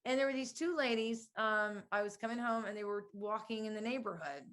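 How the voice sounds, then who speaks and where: A woman's voice: on the high side, fairly quick, fairly bright tone. A woman hosting a conversation, chatty and hesitant, full of fillers as she tells a story. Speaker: host. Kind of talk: conversational interview.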